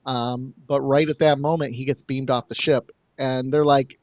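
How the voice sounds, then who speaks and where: A man's voice: mid-range voice, fairly even intonation, moderate pace, gravelly, few pauses, no echo, muffled recording. A man co-hosting a casual podcast, rambling through jokey plot recaps and slipping into mock quoted voices. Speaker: podcast co-host summing up episodes.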